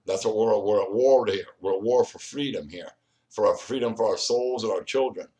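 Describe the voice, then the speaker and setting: A man's voice: on the low side, moderate pace, warm tone. A man hosting his own video, rambling straight at the viewer and often repeating and restarting his words. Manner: confrontational, speaks straight to the viewer. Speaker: video host. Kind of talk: solo vlog monologue.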